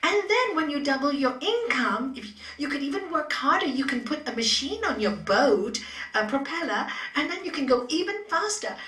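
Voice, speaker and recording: A pushy businessman who keeps urging more work, as a woman teacher quotes him. He sounds fairly high and roomy, caught from across a studio. The telling is lively and eager. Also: normal speed, recorded from a distance, exaggerated voice.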